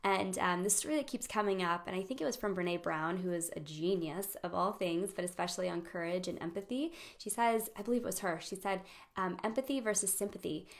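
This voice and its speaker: A young woman hosting a casual live-streamed talk on friendship, animated, laughing often and acting out quoted voices. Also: on the low side, fairly quick. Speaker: host of a friendship training.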